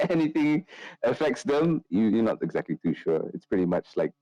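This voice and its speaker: A man narrating as game master of a tabletop game, in a loose, relaxed way with many fillers. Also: medium pitch, normal speed, no echo, dull audio.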